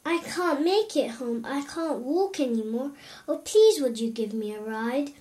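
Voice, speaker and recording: A woman's voice: high voice, expressive, measured pace, a little mellow, pitched above the performer's own voice. A woman voicing a small boy in a storybook read-aloud, sweet and earnest. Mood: weary.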